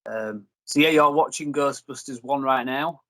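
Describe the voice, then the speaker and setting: A man's voice: medium pitch, moderate pace, fairly bright tone, no room sound, low-quality recording. A young man hosting a review video, rambling and joking in casual chat. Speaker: reviewer and host.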